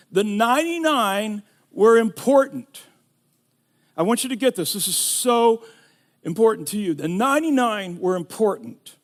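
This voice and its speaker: Middle-aged male pastor, a bit high-pitched, animated sermon storyteller. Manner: storytelling, rising to shouting in emotional retelling.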